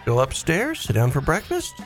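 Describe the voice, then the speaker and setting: A man hosting a weekend radio show, telling stories in a chatty, animated way and laughing easily. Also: on the high side, moderate pace, soft background music. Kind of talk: casual on-air storytelling.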